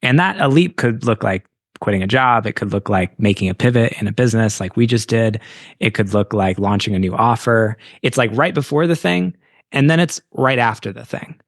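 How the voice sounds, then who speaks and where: A man hosting an interview as a business coach, speaking in a thoughtful, measured and affirming way. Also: medium pitch, no room sound, clean studio sound. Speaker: business coach and podcast host. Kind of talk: reflective interview conversation.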